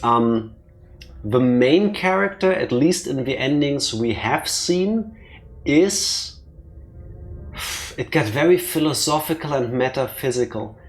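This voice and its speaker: A man's voice: medium pitch, lively intonation, soft background music. A man hosting a let's play, chatting and joking casually about the game. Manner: joking, chatty, quick to tease. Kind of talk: casual gaming commentary.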